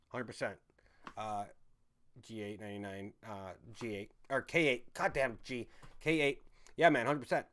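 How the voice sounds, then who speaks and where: Male streamer, mid-pitched, rambling, profane, laughs a lot while reading chat. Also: pushed and bright, clear, resonant tone. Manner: rambling, swears freely, laughs often. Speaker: livestream host reading viewer chat. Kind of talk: casual rambling livestream chat. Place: home in a city.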